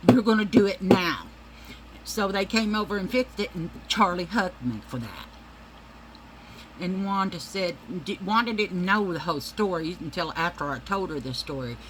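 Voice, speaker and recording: Woman vlogger, heated profane rant, bright edgy voice, faint room hiss. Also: on the low side, lively intonation, moderate pace, poor audio. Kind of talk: casual rant to camera.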